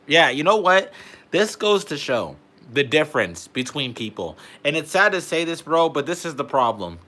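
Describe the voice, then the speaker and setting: A man's voice: on the high side, lively intonation, fairly quick, fairly bright tone. A young man, delivering a heated, profane political rant to camera and peppering his talk with "bro". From Canada. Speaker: vlogger.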